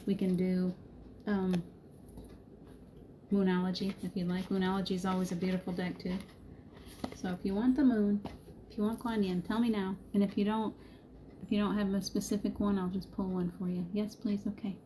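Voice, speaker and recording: A woman's voice: mid-range voice, little pitch movement, moderate pace, long pauses, dark tone, a little hiss or hum. A middle-aged woman hosting a live spiritual card reading, speaking in a soothing, reassuring way, laughing easily and greeting viewers by name. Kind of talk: gentle encouraging spiritual talk to live viewers.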